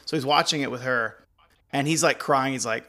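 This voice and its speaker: A man's voice: mid-range voice, moderate pace. A man co-hosting a casual chat while watching wrestling, telling stories and joking. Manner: joking, animated storyteller. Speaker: podcast co-host.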